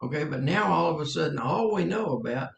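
Older male preacher, gravelly and a touch high, earnest and halting, in an echoey room. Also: lively intonation. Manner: earnest, halting, with many fillers and repeats. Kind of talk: teaching sermon.

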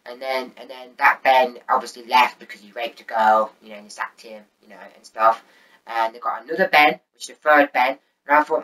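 A man's voice: medium pitch, steady tone, brisk, sharp tone, distant mic, low-quality recording. A man ranting angrily about a TV show on his vlog, swearing a lot and repeating himself. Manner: angry, profane, repetitive. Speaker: vlogger. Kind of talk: angry TV rant.

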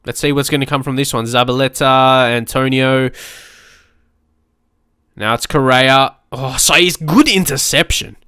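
A man giving excitable let's play commentary on a football management game, shouting at the screen and swearing now and then. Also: medium pitch, a little slow, clear, resonant tone, dry recording, studio quality. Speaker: gaming YouTuber.

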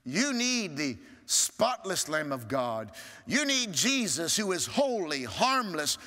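A male pastor preaching a sermon, swinging from strong rising appeals to hushed, low asides. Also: very animated, takes it slowly. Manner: preaching with sweeping rises and hushed drops. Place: large church sanctuary. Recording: church hall reverb.

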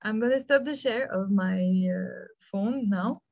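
A woman's voice: medium pitch, measured pace, gravelly, darkish tone, dry recording, lo-fi sound. Patient Lebanese woman teaching over video call. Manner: patient, encouraging, spells out letters one by one. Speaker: Arabic teacher. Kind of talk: live online language lesson.

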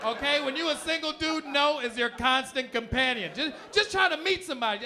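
A man performing a loud, animated, profane stand-up comedy routine on a comedy club stage. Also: very high-pitched, brisk, noisy background. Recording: live club audio with crowd laughter.

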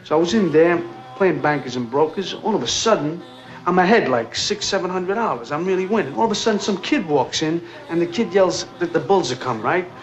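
A reckless young hustler, played by an actor, tumbles through excuses in a rapid, slightly high voice, full of fillers and restarts. The sound is a dull, muffled 1970s film soundtrack with faint music underneath. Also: male voice, animated, natural voice. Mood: rambling excuses. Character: reckless young male street hustler, rambling, evasive. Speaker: film character.

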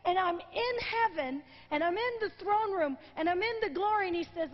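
A woman's voice: very high voice, lively intonation, moderate pace, few pauses. A woman preacher telling a story in a sermon, emotional and exclaiming, her voice tearful at times. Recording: dull lo-fi recording in a reverberant hall.

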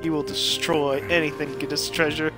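A man's voice: a little high, level tone, brisk, music in the background. A man streaming a game, giving crude, joking commentary full of swearing. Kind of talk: comedic gameplay commentary.

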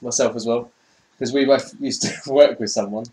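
A man's voice: medium pitch, steady tone, normal speed, warm tone. A man hosting a casual reaction chat, chuckling as he explains the clips he picked. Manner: chuckling, explaining his picks. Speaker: host.

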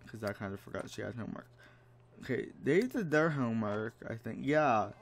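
A man's voice: medium pitch, lively intonation, normal speed, a little hiss or hum. A man giving casual commentary while playing a life-sim game, exasperated and dramatic, mock-scolding the characters. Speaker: let's play gamer. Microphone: desk microphone.

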